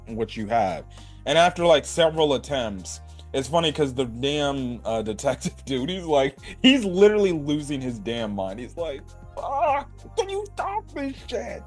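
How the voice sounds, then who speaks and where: Rambling man recapping an anime episode. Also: mid-range voice. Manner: rambling, loose and profane, full of "um" and "right?". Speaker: anime reviewer.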